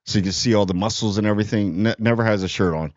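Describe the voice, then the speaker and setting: A man's voice: lowish voice, rapid-fire, no echo, lo-fi sound. A man giving a casual, rambling movie review, sarcastic and full of fillers.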